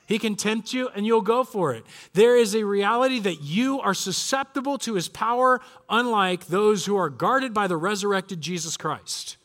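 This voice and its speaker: A man in his forties preaching a sermon, telling a story with animated quoted voices. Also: sits high, normal speed, few pauses. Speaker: pastor. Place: church.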